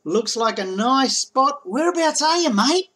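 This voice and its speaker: A man's voice: very high voice, expressive, measured pace, bright, forceful tone, a little hiss or hum. An Australian man guesting on a commentary video, cheerful and teasing. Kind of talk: comedic commentary narration.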